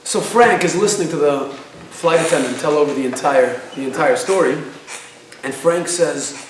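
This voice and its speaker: A man giving a class, telling a story in an animated way and asking his audience questions. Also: on the high side, moderate pace, slight background noise. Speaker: lecturer. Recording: very echoey room, speaker far from the mic.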